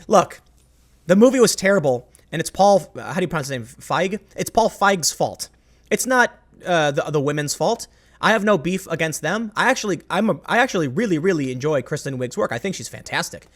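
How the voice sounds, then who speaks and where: Man, host commentary, rambling and emphatic, self-interrupting, somewhat high-pitched. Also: big pitch swings, moderate pace, a bit bright. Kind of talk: opinionated commentary monologue.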